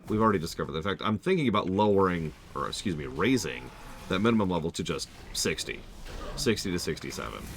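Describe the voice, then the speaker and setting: A man's voice: deep voice, lively intonation, fast, background noise. A man streaming a game, chatting casually and repeating himself while he multitasks. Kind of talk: live game stream commentary.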